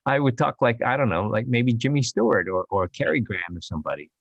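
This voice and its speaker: A man who is an actor, speaking English as a later language, chatting as a podcast guest in a rambling, halting way with frequent laughs. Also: mid-range voice, no room sound, lo-fi sound. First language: Chinese dialect. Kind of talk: casual interview chat.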